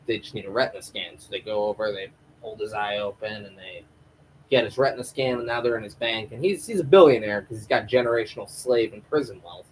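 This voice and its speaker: A man's voice: on the low side, fast, slight background noise, rough recording. A man recapping a TV episode live, rambling and swearing freely as he retells the plot. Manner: rambling, profane, animated. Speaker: TV show reviewer.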